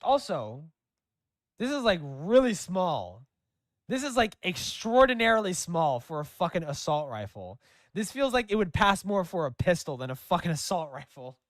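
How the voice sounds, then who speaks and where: High, lively man mocking a game. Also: normal speed. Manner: crude, mocking, laughs often. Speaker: gaming commentator. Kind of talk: casual gameplay commentary.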